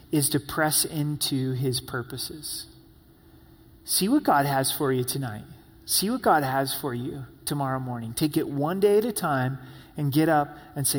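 Slow-speaking pastor in a reverberant hall. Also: male voice, medium pitch. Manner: earnest, repeats key words for emphasis. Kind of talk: sermon.

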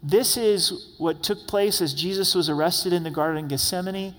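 A man's voice: high voice, moderate pace, fairly bright tone. A male pastor delivering a sermon, reading scripture aloud verse by verse and addressing the congregation directly with light humor. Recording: long echoey hall reverb.

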